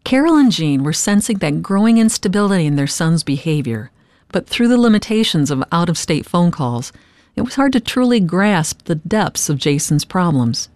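A woman narrating a documentary from a script, with a measured, earnest delivery. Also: lowish voice, sing-song, darkish tone, dry recording.

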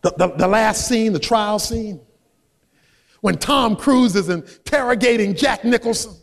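A man preaching a sermon as a pastor, emphatic and rising to shouts on key points. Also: sits high, unhurried, creaky, big-room sound. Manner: acts out quoted voices in his own voice.

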